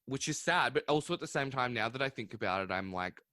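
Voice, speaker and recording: A man's voice: mid-range voice, lively intonation, fast talker, pushed and bright, no echo. A young man hosting a podcast, chatting casually and animatedly with his guest. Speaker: podcast host. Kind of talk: casual chat.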